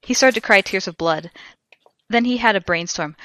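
A woman co-hosting a comedy podcast, reading fan fiction aloud in a theatrical way and shouting out the characters' lines. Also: fairly low pitch, moderate pace, no room sound. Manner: reads with big theatrical shouts for the characters, breaks into laughter.

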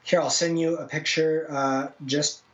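A man with a slightly raised, husky voice chats loosely with his co-host. He stumbles and repeats himself as he goes, in an easy, unpolished way. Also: fairly high pitch, little pitch movement, muffled recording. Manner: halting, repeats his words. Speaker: podcast co-host. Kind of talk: casual chat. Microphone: remote call.

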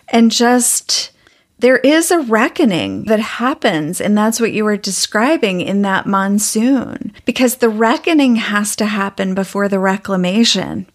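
A woman hosts a conversation podcast and reflects back on what her guest says in thoughtful, spiritual language. She speaks at an unhurried pace, and her pitch is an everyday one for a woman. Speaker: podcast host. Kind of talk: conversational interview.

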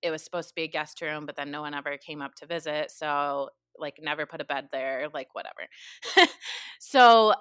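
Animated woman therapist telling a story, lots of "like", bright forceful voice, dry close sound. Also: low voice, no echo. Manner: animated, heavy use of "like", swears. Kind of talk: casual storytelling chat.

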